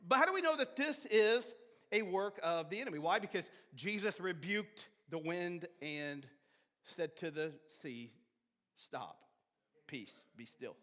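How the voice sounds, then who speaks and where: A man preaching a sermon as pastor, animated, with sudden shouts and soft drops, often repeating and restarting words. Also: high-pitched, normal speed. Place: church sanctuary. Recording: long hall reverb of a church sanctuary.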